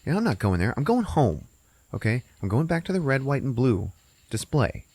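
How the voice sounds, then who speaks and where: A man voicing a shrill, mouthy female hot dog bun in a higher voice while retelling a cartoon. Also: very animated, brisk, a little mellow, husky, no room sound. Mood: snippy.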